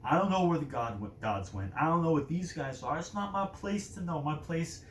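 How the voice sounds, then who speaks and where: A blunt male guard, impatient with chatter and set on his duty, as a man puts him on. He snaps short replies in a fairly high voice. The room adds a clear echo. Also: lively intonation, fairly quick, far from the mic, lightly acted. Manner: dismissive, curt. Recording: roomy echo, faint noise.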